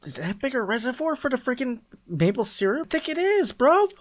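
Excitable man doing game commentary. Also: extremely high pitch, fairly quick. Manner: excitable, swears, talks to himself. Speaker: gaming YouTuber. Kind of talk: let's play commentary.

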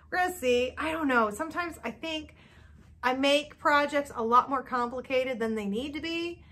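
A woman's voice: high-pitched, moderate pace, fairly bright tone. A woman hosting a knitting video, chatting casually and nervously to camera with lots of fillers. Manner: chatty and self-doubting, many fillers. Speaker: knitting podcast host.

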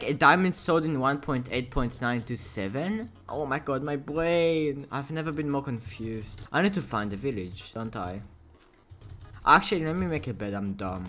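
A man giving casual, excitable commentary while playing a video game, yelping and laughing as he goes. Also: medium pitch, normal speed, faint music behind. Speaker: gaming YouTuber. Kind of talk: Minecraft gameplay commentary.

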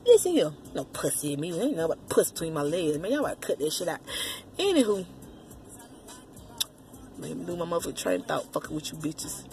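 A woman vlogger ranting casually to her viewers, profane, loud and rambling. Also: low-pitched, sing-song, brisk, long pauses, a little hiss or hum. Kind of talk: casual rant to the camera.

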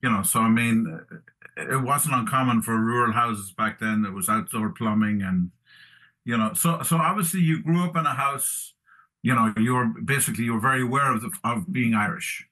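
A man's voice: mid-range voice, moderate pace, sharp tone. A man hosting a conversational interview, asking leading questions and offering short acknowledgments. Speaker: podcast host.

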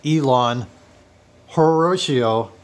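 A man playing a mischievous, rocket-obsessed billionaire tycoon in a comedy sketch, using a put-on South African accent and breaking into giddy, high-pitched squeals. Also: drawn-out words. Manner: scheming and giddy, bursting into high squealing laughs.

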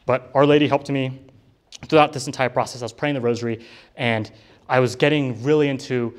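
A young man tells his story to a live audience in an easygoing, earnest way. His voice sits at an ordinary middle pitch, and he keeps filling gaps with "like" as he acts out the things he once said. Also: fairly even intonation, a little fast. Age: young adult. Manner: casual, heavy use of "like" fillers; earnest storytelling, reenacting his own past words. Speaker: speaker giving a personal testimony. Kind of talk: personal conversion testimony to a live audience. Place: college campus ministry center.

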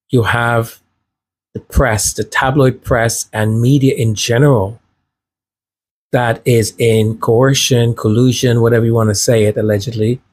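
A man's voice: mid-range voice, a little mellow. A man hosting a podcast, chatting casually, laughing easily and repeating himself as he reads viewer comments. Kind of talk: casual livestream chat.

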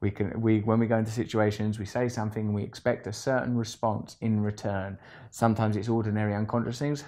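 A man telling a rambling storytime monologue, animated and self-deprecating, swinging between loud bursts and low asides. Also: fast talker. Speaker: vlogger.

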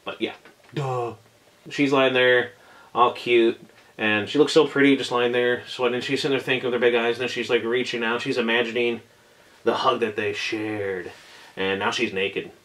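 A man's voice: medium pitch, fairly even intonation, moderate pace, a bit bright. A man giving a casual video review of an anime, gushing and rambling with lots of "like" and "oh my gosh", and getting choked up at times.

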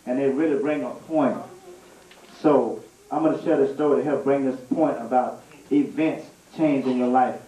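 A man preaching a storytelling sermon, animated and laughing through a comic story. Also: mid-range voice, moderate pace. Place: church sanctuary. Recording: echoey church room, mic at a distance.

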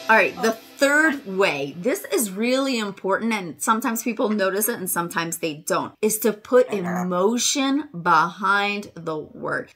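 A woman chatting through a casual tutorial, animated and talkative, acting out phrases in a high voice. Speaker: parrot owner teaching viewers.

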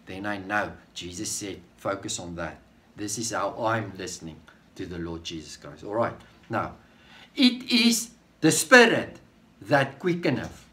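A male preacher with an Afrikaans accent, teaching a sermon slowly and emphatically, repeating phrases word by word while pointing to a board. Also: on the low side.

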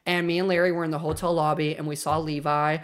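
A young woman in her twenties streaming, chatting casually and excitably with lots of filler words. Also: low-pitched, quick pace. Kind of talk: casual livestream chat.

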